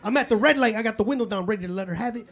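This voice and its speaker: A man's voice: high-pitched, racing, a bit bright. A man in his forties from Chicago doing a stand-up comedy set in a club, with loose, profane street talk full of fillers.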